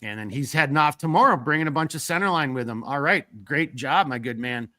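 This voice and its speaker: A man's voice: fairly high pitch, expressive, brisk, sharp tone, dry recording, clean studio sound. A man with a northern US accent hosting a live stream, reading viewer comments in a rambling, blunt way and swearing freely.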